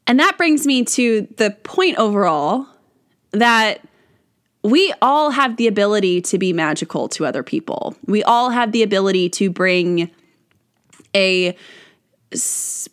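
A woman's voice: a little high, lively intonation, unhurried, a bit bright. A woman hosting a podcast in a casual solo monologue, rambling with many restarts and frequent laughs. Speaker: podcast host.

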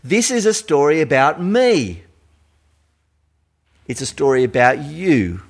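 A man with an Australian accent preaching a sermon in an animated, conversational storytelling manner. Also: on the high side, slow pace.

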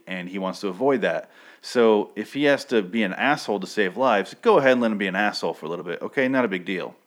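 A man casually recapping a TV episode, rambling and profane, often correcting himself mid-sentence. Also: fairly low pitch.

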